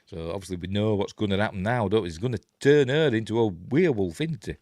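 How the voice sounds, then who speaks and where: A man's voice: lowish voice, fast, darkish tone, dry recording, studio quality. A middle-aged man with a Yorkshire accent hosting a rambling, chuckling film breakdown, going off on tangents as he talks. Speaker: film review host. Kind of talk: casual film commentary.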